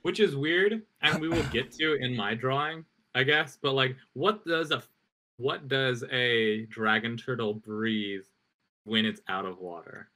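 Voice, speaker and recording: A man's voice: mid-range voice, a little slow, pushed and bright. A man co-hosting a casual podcast chat about tabletop games, rambling with many fillers and frequent laughs. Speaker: podcast co-host.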